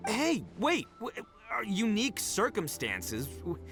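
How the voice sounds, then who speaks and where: An actor playing a brash, boastful young male oni brawler in a video game, talking loudly and rambling. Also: high-pitched, huge pitch swings, slow, soft background music, full character voice.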